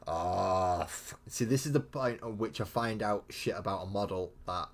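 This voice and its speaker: A man's voice: low-pitched, normal speed. A man chatting casually and rambling with mild swearing as he live-streams painting miniatures.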